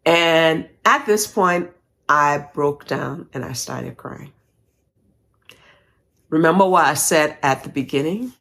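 A woman's voice: a little slow, fairly bright tone. Woman telling a dramatic personal story. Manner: dramatic, acts out dialogue, rising pitch as tension grows. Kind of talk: personal story told to an audience.

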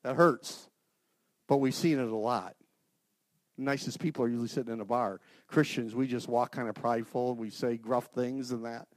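A middle-aged man giving an informal, earnest sermon to a men's group, swinging from loud outbursts to hushed prayer. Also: medium pitch, fairly even intonation, moderate pace, dry recording, studio quality. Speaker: lay speaker at a men's gathering.

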